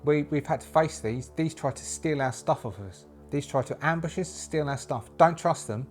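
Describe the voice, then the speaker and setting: A man playing a wary male survivor who shouts an urgent warning. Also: on the high side, moderate pace, faint music behind, natural voice. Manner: urgent, shouting across the road.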